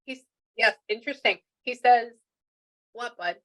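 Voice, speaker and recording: A woman's voice: fairly high pitch, unhurried, a bit bright, low-quality recording. A woman working as a spiritual medium, relaying messages in a chatty way and thinking aloud with lots of restarts. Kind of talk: relaying messages during a reading.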